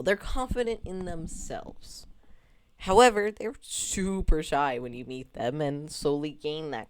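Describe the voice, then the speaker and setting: A woman streamer chatting casually to her chat about her game, rambling, laughing often and swearing casually. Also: sits low.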